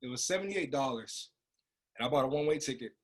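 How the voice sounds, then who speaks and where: A man who trains a business group, telling an emotional personal story in a casual, animated way over a video call. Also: mid-range voice, fast talker, breathy edge.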